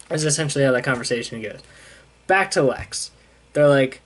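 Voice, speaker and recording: A man's voice: mid-range voice, normal speed. A young man, a comic book reviewer, casually recapping a story and paraphrasing the characters' lines as he goes. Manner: casual, retells scenes with "he's like" paraphrases.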